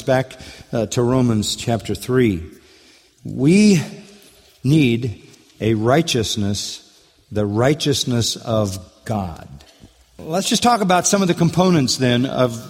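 A man's voice: medium pitch, husky. A male pastor delivering an expository sermon. He preaches emphatically, repeats his key phrases and asks rhetorical questions. His voice carries a long reverb from a large church sanctuary.

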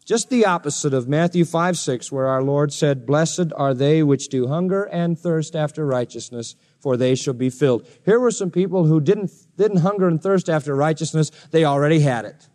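A male pastor preaching an expository sermon, animated and jokey, slipping into mocking sarcastic voices. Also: fairly high pitch, normal speed, few pauses. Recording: long reverb of a large hall.

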